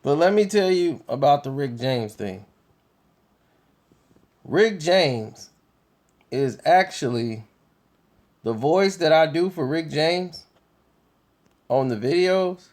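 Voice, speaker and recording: A man talking casually to his viewers in an unhurried, conversational way, laughing easily. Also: a little high, animated, darkish tone. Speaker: video commentator.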